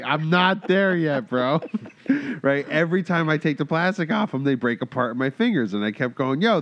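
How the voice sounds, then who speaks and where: A man's voice: mid-range voice, dry recording. A man in a casual podcast chat who tells a story with plenty of swearing and laughter. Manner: animated, swearing, laughs through his story.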